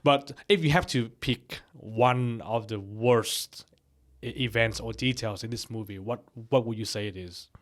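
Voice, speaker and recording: A man's voice: mid-range voice, unhurried, a bit bright. A man co-hosting a podcast, mostly agreeing briefly and speaking hesitantly when he asks questions. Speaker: podcast co-host. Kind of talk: casual movie review chat.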